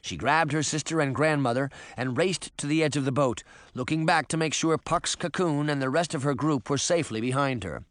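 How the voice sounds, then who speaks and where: A man narrating an audiobook in an expressive storytelling manner. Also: fairly high pitch, fairly quick, dry recording. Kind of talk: scripted narration.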